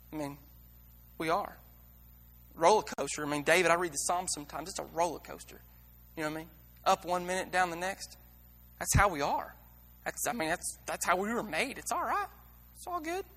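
A man's voice: high voice, brisk, long pauses, a bit bright, big-room sound. A man preaching a sermon in a blunt, candid and emotional way, with many restarts and repeated words.

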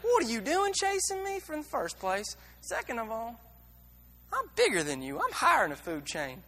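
A man's voice: extremely high pitch, huge pitch swings, moderate pace, bright, forceful tone, in a large hall, exaggerated voice. A man voicing a huge, angry male lion who taunts and scorns a small man. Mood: taunting.

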